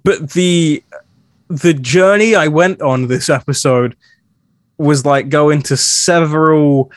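A man's voice: on the high side, slow, dry recording, studio quality. A man co-hosting a podcast, casually recapping an episode in a frank, opinionated way.

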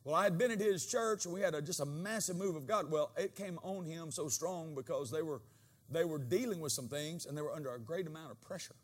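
A man preaching a sermon as pastor, swinging between quiet asides and loud, animated bursts, and acting out quoted dialogue in changed voices. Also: fairly high pitch, fairly quick.

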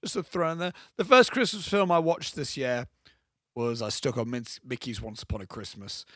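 A man's voice: medium pitch, normal speed, fairly bright tone, no echo, studio quality. A young man, co-hosting a podcast and chatting animatedly with lots of fillers. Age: young adult. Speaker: podcast co-host. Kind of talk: casual chat.

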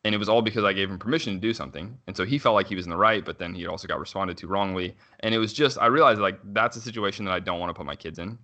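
A man in his thirties tells a story in easy, casual conversation. His voice sits very low but moves quickly, with a bright, forward edge, and he meanders through fillers and restarts as he goes. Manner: rambling, frequent "like" fillers and self-restarts, quick laughs. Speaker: father telling a story.

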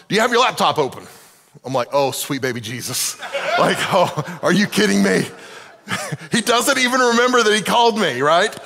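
Animated man telling stories in a hall. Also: a little high. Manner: animated, acts out quoted voices, self-deprecating. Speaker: speaker teaching a leadership class. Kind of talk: storytelling talk to a live group. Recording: long reverb of a hall.

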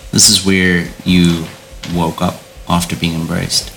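A man running a tabletop horror game as game master, describing scenes in a halting way and often repeating words as he goes. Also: sits low, little pitch movement, gravelly, noisy background.

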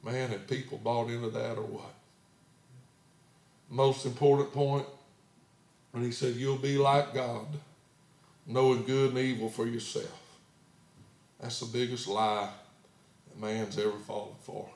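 A male pastor preaching a sermon, telling stories and then swelling loud and emphatic on his key points. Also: mid-range voice, level tone, a little slow, long pauses. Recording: echoey room.

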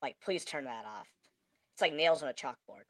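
A man's voice: on the high side, lively intonation, normal speed, no echo. A man talking through a voice changer set to a girl voice, exasperated and repeating himself in a casual podcast chat. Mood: ranting. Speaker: podcast host.

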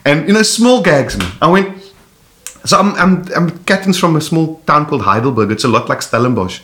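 A South African man chatting as a podcast guest, telling animated stories full of slang and laughter. His voice sits a little high for a man. The room around him is noticeably echoey. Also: brisk. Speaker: comedian guest. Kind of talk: casual podcast chat. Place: host's house. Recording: roomy echo in a home.

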